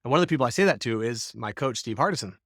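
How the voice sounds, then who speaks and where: A man co-hosting a podcast, spinning a long story in an easygoing, animated way. He slips into the voices of the people he quotes. His voice sits in a middle register and the sound is close and dry, with no room around it. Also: mid-range voice, very fast, no room sound. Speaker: podcast co-host. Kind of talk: casual storytelling.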